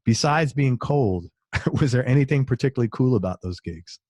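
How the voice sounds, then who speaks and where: A man's voice: mid-range voice, lively intonation, moderate pace, darkish tone, dry recording. Chatty male interviewer, dry sound. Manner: loose and chatty, says "man" often. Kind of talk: casual interview chat.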